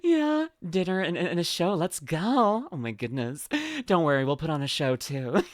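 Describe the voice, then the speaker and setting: A young woman streaming as she reacts to videos, gushing, swearing freely and squealing with excitement. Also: fairly low pitch, normal speed, a little hiss or hum. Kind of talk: casual live-stream chat.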